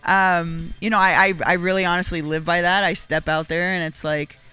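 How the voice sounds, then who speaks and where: A woman in her thirties, a fighter guest, chatting casually and warmly with lots of "like" fillers. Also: on the low side, level tone, normal speed, clear, resonant tone, no room sound. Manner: friendly, upbeat, says "like" a lot. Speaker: guest, wrestler and MMA fighter. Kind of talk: casual interview chat.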